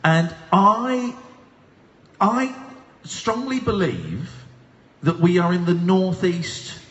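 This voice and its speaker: A man hosting a live comedy radio chat, teasing and deadpan, from England. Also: sits high, slow pace, roomy sound, lo-fi sound. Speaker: host. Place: live stage show with audience.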